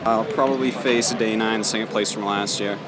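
A man's voice: lowish voice, fairly even intonation, brisk, heavy background noise. A young man, a tournament player, speaking casually and matter-of-factly about his matches. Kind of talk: casual on-site interview. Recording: loud crowd at an event.

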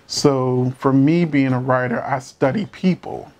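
A man's voice: mid-range voice, unhurried, darkish tone. A man giving casual, emphatic commentary on a couple's dispute, with rhetorical questions and a struggle not to curse. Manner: holds back from cursing. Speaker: commentator reacting to a court show.

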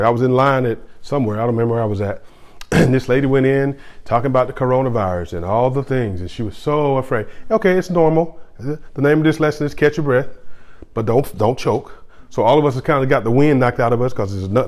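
A middle-aged man preaches to his church in an easy, conversational way. He circles back on phrases and restarts his sentences as he talks, with a voice at an everyday middle pitch. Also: quick pace, a little mellow. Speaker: pastor. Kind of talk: sermon.

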